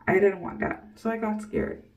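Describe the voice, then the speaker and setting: A woman in her early twenties tells candid personal stories to camera in a blunt, rambling vlog, swearing freely and laughing often. Her medium-pitched voice swoops wildly at normal speed and sounds slightly distant, sitting a touch away from the mic.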